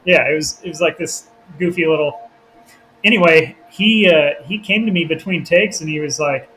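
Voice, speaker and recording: A man's voice: on the high side, normal speed, pushed and bright, slight background noise, rough recording. A man hosting a podcast, a filmmaker chatting casually who acts out quotes and laughs often.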